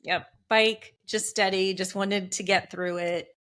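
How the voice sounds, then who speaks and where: A woman's voice: mid-range voice, fairly even intonation, a little slow, a bit bright. A woman guest on a podcast, sharing her race experience in an upbeat, earnest way. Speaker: podcast guest, Ironman athlete. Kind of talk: casual podcast chat.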